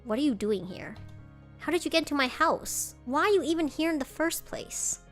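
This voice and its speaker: A woman voicing a wounded young male demon who turns sharp and indignant, in a fan-made dating game. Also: on the high side, animated, moderate pace, faint music behind. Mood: angry. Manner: pleading, then sharp and indignant.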